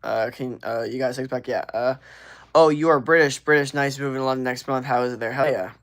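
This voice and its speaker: A man's voice: mid-range voice, steady tone, fast talker, fairly bright tone. Laid-back man casually reading stream chat. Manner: loose, slangy and offhand, reading comments aloud.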